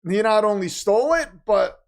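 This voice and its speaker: High-pitched guy hosting a game watch stream, super hyped, yelling at plays, kinda losing his voice. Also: moderate pace. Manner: animated, exclaiming, reads chat aloud. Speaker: livestream host. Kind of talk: excited live game watch-party commentary.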